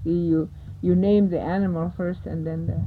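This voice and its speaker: A woman teaching words of a language, saying each one slowly and more than once, then explaining what it means. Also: on the low side, fairly even intonation. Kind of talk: teaching vocabulary, slow repeated words. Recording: tinny phone-like lo-fi recording with hiss.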